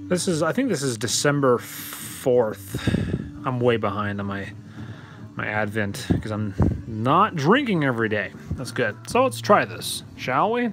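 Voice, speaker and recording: A man's voice: mid-range voice, big pitch swings, a little slow, music in the background, poor audio. A young man chatting offhand in a casual vlog, rambling and poking fun at himself. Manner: rambling, offhand, self-deprecating. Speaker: vlogger.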